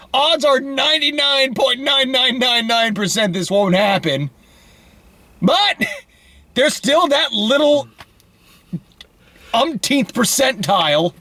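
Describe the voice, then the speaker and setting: A man's voice: extremely high pitch, bright, forceful tone, no room sound. A young man in casual chat, reviewing a movie, exasperated and emphatic.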